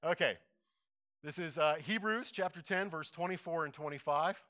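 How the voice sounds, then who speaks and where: A male pastor delivering a sermon, telling an animated story and acting out his own reactions. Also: fairly high pitch, normal speed.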